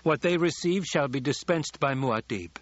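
A man's voice: fairly high pitch, normal speed, dry recording, dull audio, voice pushed up, close to an everyday voice. A man voicing a commanding, calculating young male ruler with clipped delivery.

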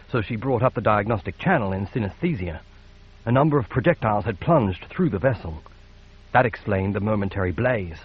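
A man narrating a science fiction audiobook in a measured, steady read. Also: lowish voice, highs cut off, slight background noise. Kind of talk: scripted narration.

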